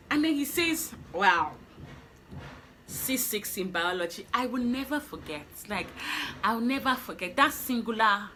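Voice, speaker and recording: A young woman with a Nigerian accent tells a personal story to her vlog camera. Her voice is bright and sits a little high, and she talks animatedly, laughing and playing out her own thoughts. Faint ambient noise sits behind her. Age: young adult. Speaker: vlogger.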